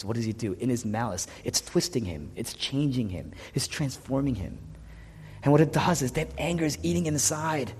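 A man preaching a sermon in a worship hall, moving between loud, urgent passages and hushed near-whispers. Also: mid-range voice, husky. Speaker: pastor.

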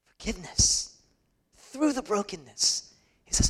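Male preacher, sermon, fairly high voice, hushed then emphatic delivery. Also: sing-song, measured pace, pauses often, husky. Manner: dynamic preaching, dropping to hushed whispers and rising to emphatic peaks.

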